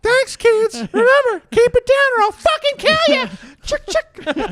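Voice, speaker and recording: A man voicing a talking gun puppet that makes chirpy, cheerful threats in a very high voice. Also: lively intonation, takes it slowly, background noise, full character voice. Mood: cheery menace. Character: squeaky menacing male talking gun puppet.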